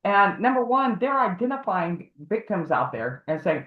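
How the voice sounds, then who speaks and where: A woman's voice: on the low side, expressive, moderate pace, few pauses. A woman speaks as a guest on a casual livestream. She rambles through her story and acts out the voices of the people she quotes. Her audio is narrow and phone-like, with a hollow echo around it. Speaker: guest, advocate for harassment victims. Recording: tinny phone-like echoey audio.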